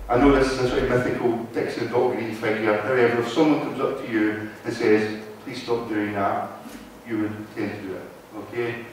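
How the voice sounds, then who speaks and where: A man's voice: mid-range voice, a little hiss or hum. A man with a Wigan accent gives a talk to a live audience, his voice echoing heavily through a hall. He sounds distant from the recorder. He is conversational and keeps checking in with the room. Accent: Wigan, Lancashire. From North West England. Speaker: guest speaker. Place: meeting hall. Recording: very echoey hall from far off.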